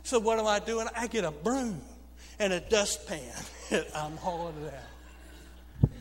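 High-voiced preacher man with twang. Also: expressive, measured pace. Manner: storytelling preacher, humorous asides to the congregation. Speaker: pastor. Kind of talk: sermon. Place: church sanctuary. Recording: long reverb of a church hall.

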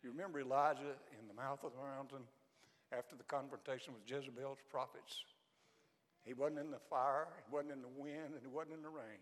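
A man preaching as a guest at a church, telling a story and moving to a gentle invitation. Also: medium pitch, brisk. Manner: storytelling, drops to a soft hush at the close. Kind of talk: sermon with invitation. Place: church sanctuary. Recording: long church hall reverb.

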